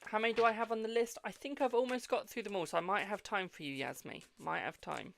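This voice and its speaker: British tarot streamer, gravelly, talkative and cheeky, swears, calls everyone darling. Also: medium pitch, fast. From United Kingdom. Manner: chatty, swears freely, calls viewers "my darling". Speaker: tarot reader hosting a live stream. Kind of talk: casual live-stream card reading.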